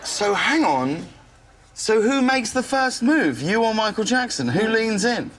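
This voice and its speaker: A woman's voice: on the high side, very animated, unhurried. A woman talk show host asking probing, incredulous questions.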